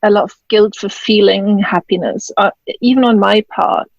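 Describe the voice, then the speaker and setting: A woman's voice: mid-range voice, fairly even intonation, normal speed, creaky, dry recording, lo-fi sound. Storytelling woman from Germany, dry sound. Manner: storytelling, acts out quoted dialogue. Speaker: guest, author and widowed mother. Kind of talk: casual interview conversation. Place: home, in Scotland.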